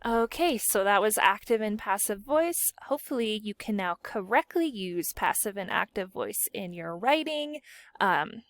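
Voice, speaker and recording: A woman's voice: mid-range voice, fairly bright tone, no room sound. A woman teacher walking her students through a grammar lesson, asking questions and answering them herself. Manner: clear explanatory teacher talk with questions to students.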